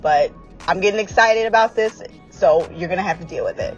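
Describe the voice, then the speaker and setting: A woman podcast host chatting casually and excitedly about a TV episode, with lots of fillers and asides. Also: fairly low pitch, fairly quick, highs cut off, soft background music. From Washington state, US. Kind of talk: casual fan recap chat.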